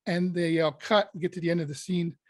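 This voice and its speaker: Lively man telling anecdotes, slightly high voice. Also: brisk, dry recording. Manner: lively anecdotes, acting out his own panic. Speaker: actor being interviewed. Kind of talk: casual storytelling interview.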